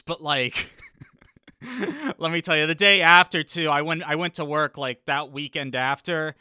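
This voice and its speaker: Bright, clear-voiced young man chatting. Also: a little high, unhurried, dry recording, clean studio sound. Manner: rambling, boastful, laughs often between thoughts. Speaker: podcast host. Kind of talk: casual chat.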